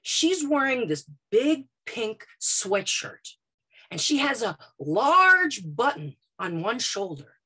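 A woman from Brooklyn telling a first-person story on stage, dramatic and vivid, moving between quiet and loud passages. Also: fairly high pitch, big pitch swings, takes it slowly, breathy edge. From Brooklyn, United States.

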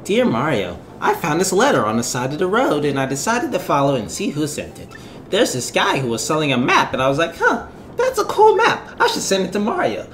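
A man's voice: a little high, wildly swooping pitch, a little fast, a bit bright, a little hiss or hum. A man voicing a snarky princess reading out her own letter, sarcastic and mocking.

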